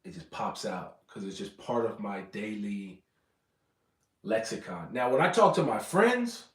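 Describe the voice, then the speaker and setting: A man's voice: lowish voice, sing-song, unhurried. Rambling American man, roomy distant sound. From United States. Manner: rambling, self-correcting, repeats words. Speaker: vlogger. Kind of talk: casual livestream chat.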